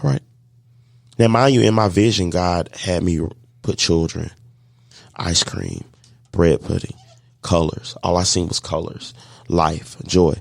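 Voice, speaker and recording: A man telling a lively story of faith and business, acting out the voices of the people in it. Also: sits low, unhurried, gravelly, pauses often, no echo, clean studio sound. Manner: animated storyteller acting out dialogue, faith-filled. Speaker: guest, catering business owner. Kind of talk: storytelling in a podcast interview.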